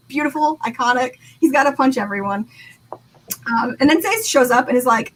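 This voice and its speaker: A woman co-hosting a casual book discussion, excitable and laughing often as she reads quotes aloud. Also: high-pitched, moderate pace, slight background noise, low-quality recording. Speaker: podcast co-host.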